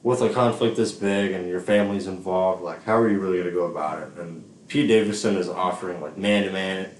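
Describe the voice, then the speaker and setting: A man's voice: sits low, fairly even intonation, brisk, a little hiss or hum. A man co-hosting a podcast in casual chat, reading out text messages between bursts of laughter and frequent swearing. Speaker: podcast co-host. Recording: echoey room.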